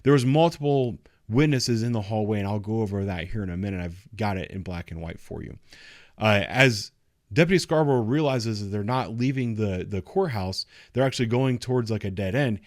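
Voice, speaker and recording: A man's voice: lowish voice, a little fast, no room sound, studio quality. A man in his thirties, a patrol officer, giving blunt, sarcastic and profane casual commentary. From United States.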